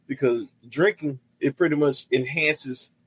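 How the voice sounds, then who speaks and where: A man co-hosting a casual podcast, telling a story in an animated way, laughing often and repeating himself. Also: mid-range voice, unhurried, slightly rough, no echo, low-quality recording. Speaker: podcast co-host.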